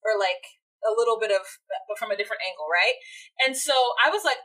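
A woman co-hosting a casual podcast, recapping a reality show in lively chat and acting out what people said. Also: mid-range voice, fast. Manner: animated, acts out quotes, laughs often. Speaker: podcast co-host.

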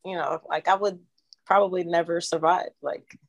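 A woman from Florida co-hosting a podcast, chatting casually with animated, playful exaggeration. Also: lowish voice, moderate pace, gravelly. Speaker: podcast co-host. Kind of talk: casual chat.

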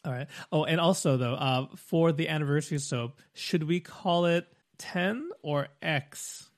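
A man's voice: a little high, a little slow. Friendly male podcast host. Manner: friendly, laughs easily, plugs the show. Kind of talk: casual podcast interview and outro.

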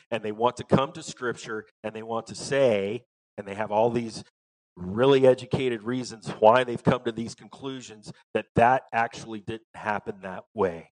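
A man with a Southern American accent preaching a sermon as pastor, folksy and emphatic, swinging between loud bursts and quiet asides. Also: on the low side, rough recording.

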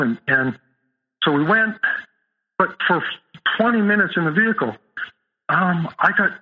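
A man as a podcast guest, telling a personal story in a halting way, with many restarts and fillers. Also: fairly high pitch, expressive, narrow, tinny audio.

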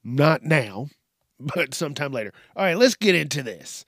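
A man's voice: fairly high pitch, animated, a little slow, a bit bright, no echo, studio quality. A man hosting a solo podcast, rambling and swearing, sometimes calling himself by name in the third person. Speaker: podcast host.

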